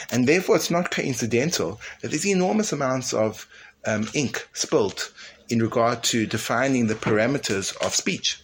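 Male teacher, casual, emphatic with hushed asides, frequent restarts, faint noise behind. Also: medium pitch. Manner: animated, swings from loud emphatic to hushed. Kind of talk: informal Torah class.

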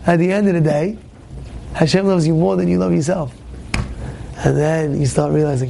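A man, a rabbi, tells stories in a spirited Torah class, repeating phrases and bursting into shouts for emphasis. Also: on the high side, fairly even intonation, moderate pace, vocal fry, pauses often, slight background noise. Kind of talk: spirited storytelling sermon. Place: classroom with students.

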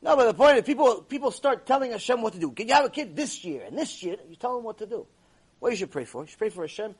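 A man teaching a Torah class to a live audience, telling stories in an animated way and using many Hebrew terms. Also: high-pitched, fast talker, breathy edge.

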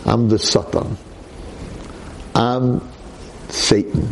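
A man's voice: mid-range voice, sing-song, takes it slowly, creaky, a little mellow, a little hiss or hum, full character voice, poor audio. A man voicing Satan as a big, mean angel, menacing and confiding in turns.

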